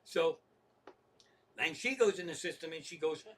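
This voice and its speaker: A man's voice: on the high side, lively intonation, moderate pace. A man telling a comic story, exasperated and swearing constantly as he acts out both sides of phone calls. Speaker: stand-up comedian. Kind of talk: profane storytelling rant.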